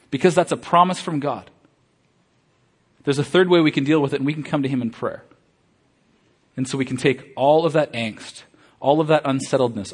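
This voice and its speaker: A man's voice: a little high, slightly rough. A middle-aged man, a pastor, giving an earnest, conversational sermon with self-deprecating asides and frequent fillers.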